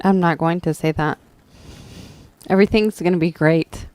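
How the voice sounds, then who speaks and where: A woman's voice: lowish voice, moderate pace, darkish tone, clean tone. A woman co-hosting a talk radio show, bantering in a joking, sarcastic way. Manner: joking and sarcastic, laughing often. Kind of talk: casual banter.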